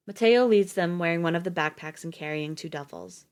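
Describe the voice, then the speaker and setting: Woman, story narration, steady, even, slightly low voice. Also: fairly quick, clean tone. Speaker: audiobook reader on a livestream.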